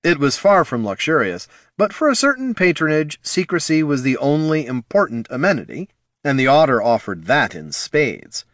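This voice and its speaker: A man narrating a fantasy audiobook in an expressive storytelling manner. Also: medium pitch, dry recording, clean studio sound.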